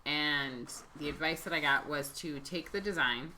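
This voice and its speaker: A woman's voice: low-pitched, normal speed, bright, forceful tone, slight background noise. A woman co-hosting a live tool stream with her husband, chatting casually and tossing in short agreeing replies. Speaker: co-host, host's wife.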